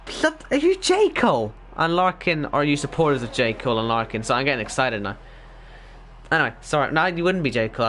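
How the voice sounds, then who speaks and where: A man's voice: mid-range voice, bright, forceful tone, slight background noise. A Northern Irish man casually commentating an online race league stream, rambling, joking at his own expense and reading out chat messages.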